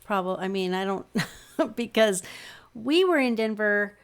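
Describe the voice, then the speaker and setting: A woman's voice: medium pitch, expressive, a little slow, clean tone. A middle-aged woman co-hosting a podcast, recapping games in a meandering casual chat with many ums. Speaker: podcast co-host.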